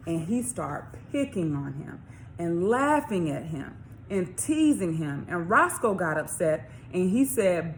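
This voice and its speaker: A woman author reading her children's story aloud, expressive, with questions to young listeners. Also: lowish voice, measured pace, slight background noise. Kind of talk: storybook read-along for children.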